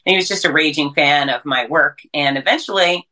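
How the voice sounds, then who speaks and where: A woman who works as a race announcer and fitness speaker, talking as an upbeat, energetic interview guest. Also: low-pitched, brisk, rough recording.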